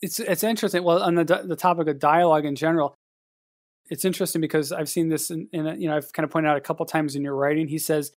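A man co-hosting a casual writing podcast, talking in a measured, hesitant way with many fillers. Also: fairly high pitch, steady tone, no room sound, clean studio sound. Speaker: podcast co-host and editor.

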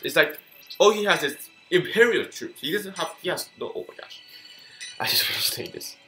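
Excitable man commenting on his gameplay. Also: fairly high pitch, moderate pace, soft background music, low-quality recording. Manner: excitable, repeats phrases, talks to opponents on screen. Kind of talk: casual live gameplay commentary.

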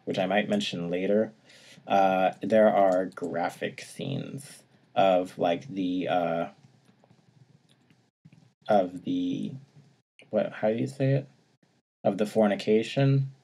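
A man's voice: low voice, slow, creaky, long pauses, warm tone. A man casually recapping a video game story, now and then acting out lines and laughing. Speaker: podcast co-host.

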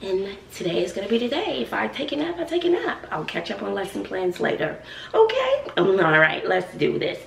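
A woman's voice: medium pitch, huge pitch swings, a little fast, vocal fry, recorded from a distance, a little hiss or hum. A woman in her forties, a schoolteacher, chatting casually to viewers while cooking in her home kitchen, sassy and talkative. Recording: echoey room, voice off-mic.

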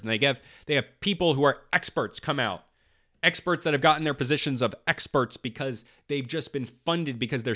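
A man's voice: mid-range voice, a bit bright. A young man hosting a podcast, delivering a heated political monologue, swearing often and repeating himself for emphasis. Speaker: podcast host.

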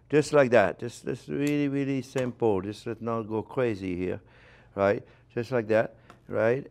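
A man with a French accent hosting a cooking show, teaching a recipe in a chatty, animated way with playful exclamations. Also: mid-range voice, clear, resonant tone. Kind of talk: casual cooking demonstration.

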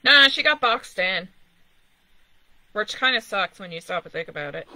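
A gamer who chats casually and swears a lot while playing, reacting out loud to the screen. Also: mid-range voice, expressive, moderate pace, no room sound. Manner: profane, laughing, talking to the screen. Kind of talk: casual gameplay chat.

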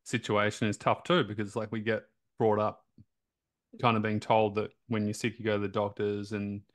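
An Australian man hosting a casual interview, talking in a relaxed, informal way with loose fillers. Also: lowish voice, normal speed. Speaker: interview host.

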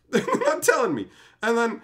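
A man launches into a heated, profanity-laced rant, his high, bright voice leaping across a wide range. He speaks bluntly and fiercely, like a stream host venting about running events. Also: wildly swooping pitch, measured pace. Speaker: stream host and tournament organizer.

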